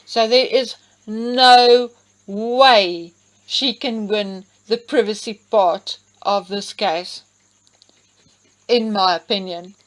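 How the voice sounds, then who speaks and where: Slow, deliberate woman reading legal text. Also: medium pitch, steady tone, low-quality recording. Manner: emphatic asides to listeners. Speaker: commentator reading a legal document. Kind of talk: reading aloud with commentary.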